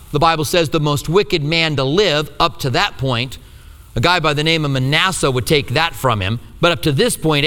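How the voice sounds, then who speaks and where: A man's voice: fairly high pitch, fairly bright tone. A man preaching a sermon as a pastor, telling the story with energy and acting out the quotes. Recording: reverberant hall.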